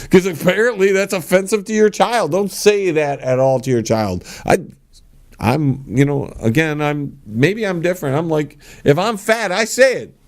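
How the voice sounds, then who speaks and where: A man's voice: fairly high pitch, normal speed. A man hosting a talk show, giving a blunt, sarcastic and mocking monologue. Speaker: host.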